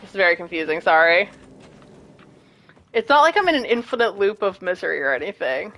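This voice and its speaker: A young woman streaming a game, chatting casually and self-deprecatingly, with bursts of excited squeals. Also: fairly low pitch, fairly quick. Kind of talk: casual gameplay commentary.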